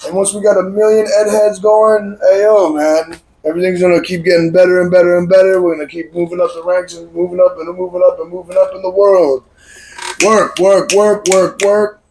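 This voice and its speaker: Brash, high-voiced male host. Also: little pitch movement, quick pace, hardly any pauses, dark tone, poor audio. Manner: boisterous, profane, repetitive. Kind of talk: brash comedic call-in show.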